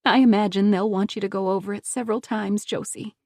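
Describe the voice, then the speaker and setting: A woman voicing a gentle, worried grandmother who soothes and reassures her injured granddaughter. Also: mid-range voice, fairly even intonation, a little fast, dry recording, clean studio sound, close to an everyday voice. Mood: soothing.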